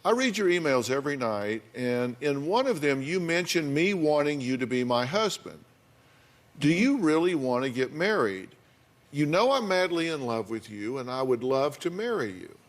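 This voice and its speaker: A man's voice: fairly high pitch, big pitch swings. A man, hosting a studio talk show and probing his guest with folksy questions. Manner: folksy, probing, reads letters aloud slowly. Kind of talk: studio interview. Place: television studio.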